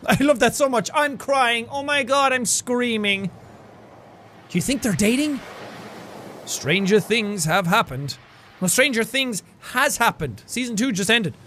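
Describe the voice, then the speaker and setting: An excitable young man chatting over a game he is playing. His voice sits high and bounces all over the place. He is playful and gushes freely. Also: a little slow. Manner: excitable and playful, with gushing outbursts. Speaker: let's play host. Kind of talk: casual gameplay commentary.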